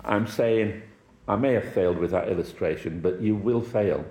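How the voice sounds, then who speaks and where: Middle-aged male preacher from Wales, low voice, chatty anecdotal sermon, echoey church. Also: normal speed, a little mellow. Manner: conversational, anecdotal with chuckles and acted quotes. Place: church hall.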